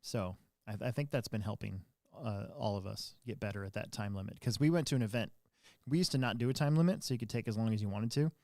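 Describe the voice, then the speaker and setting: A man's voice: lowish voice, quick pace, dry recording, clean studio sound. A man hosting a podcast, telling a story in casual chat and acting out quotes in a raised voice. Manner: animated, acts out quotes in a raised voice. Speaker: podcast host.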